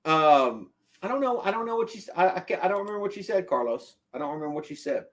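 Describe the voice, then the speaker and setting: A man's voice: high-pitched, lively intonation, quick pace, fairly bright tone. A man streaming casual football commentary, emphatic and repetitive, answering his chat. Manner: emphatic, repeats himself, argues with chat. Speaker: sports streamer.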